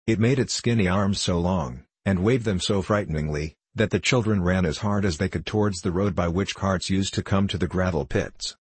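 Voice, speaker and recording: Man, audiobook narrator, storybook reading, measured, very low voice, husky. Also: dry recording.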